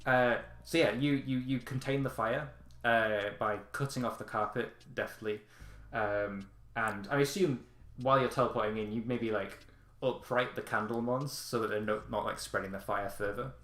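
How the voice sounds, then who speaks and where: A man's voice: mid-range voice, steady tone, normal speed, a bit bright, echoey room. A man narrating as game master of a tabletop game, rambling with frequent ums and restarts.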